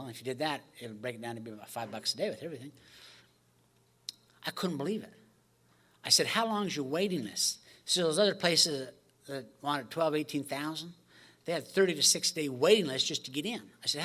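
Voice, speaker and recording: A man's voice: fairly high pitch, a little fast. A man speaking at a recovery meeting, telling his story with jokes and acted-out dialogue. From United States. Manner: animated, joking storyteller acting out dialogue.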